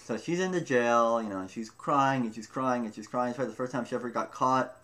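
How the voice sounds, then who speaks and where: A man's voice: mid-range voice, quick pace. Man rambling through a personal story. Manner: rambling, self-interrupting, animated retelling. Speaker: vlogger telling a personal story. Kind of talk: casual first-person storytelling.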